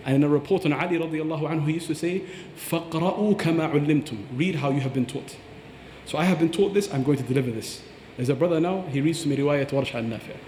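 Fast-talking religious teacher, roomy echo. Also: male voice, fairly high pitch, darkish tone, slight background noise. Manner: earnest, demonstrates pronunciations aloud. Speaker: Quran teacher and reciter.

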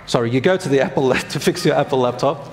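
A man's voice: mid-range voice, quick pace, slight background noise. A man giving a religious lecture to a congregation in a conversational way, putting questions to the audience and correcting himself as he goes. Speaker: Islamic preacher. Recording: long hall reverb.

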